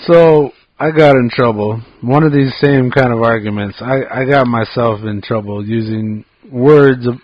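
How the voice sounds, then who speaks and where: Relaxed male podcaster, dry muffled sound. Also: mid-range voice, a little slow, few pauses, no echo. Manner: relaxed, self-deprecating, hesitant with fillers. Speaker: podcast co-host. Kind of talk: casual chat, storytelling.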